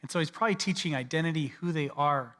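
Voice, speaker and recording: Conversational pastor in echoing church. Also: male voice, on the high side, fast talker. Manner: conversational, acts out people's lines in lively asides. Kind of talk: sermon. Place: church sanctuary. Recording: long church hall reverb.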